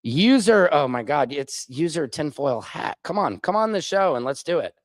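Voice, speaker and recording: A man's voice: on the high side, big pitch swings, normal speed, no echo. A man hosting a live stream, reading chat comments aloud and answering them in a combative, sarcastic way. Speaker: livestream host.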